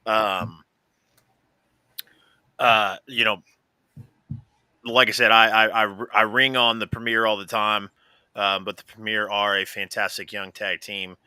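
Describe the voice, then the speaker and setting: A man's voice: on the low side, level tone, measured pace, long pauses, bright, forceful tone, clear, resonant tone, no echo. A man co-hosting a live wrestling podcast, chatting casually with many fillers and restarts. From American Midwest. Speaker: podcast co-host. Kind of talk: casual live-stream chat.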